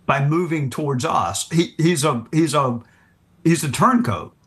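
A man's voice: a little high, measured pace, fairly bright tone. A man answering as an interview guest, candid and wry, often restarting his sentences as he thinks aloud. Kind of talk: conversational interview.

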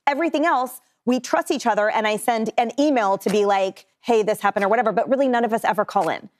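A woman co-host talks in a quick, chatty run, tossing in laughing asides as she banters with her panel. Her pace stays brisk throughout. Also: fairly high pitch. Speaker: news show co-host.

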